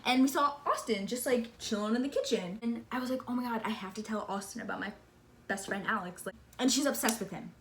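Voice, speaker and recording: A woman vlogger tells a story in an excited, gushing rush, peppering every sentence with "like" and "sister." Her voice sits a bit high and sounds sharp and bright. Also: brisk, slight background noise. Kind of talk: casual storytelling vlog.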